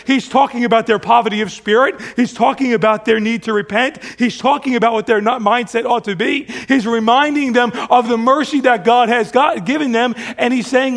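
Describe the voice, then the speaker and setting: A man preaching a sermon, retelling scripture with plain asides and light humor, rising and dropping in volume as he drives points home. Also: very high-pitched. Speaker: pastor.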